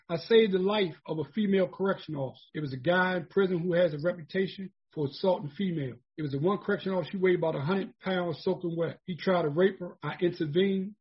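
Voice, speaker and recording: A man's voice: high-pitched, husky. A man in his forties from the United States telling his own story in an emphatic, repetitive, conversational way. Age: 40s. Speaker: formerly incarcerated speaker. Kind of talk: personal storytelling talk. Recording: dull lo-fi recording.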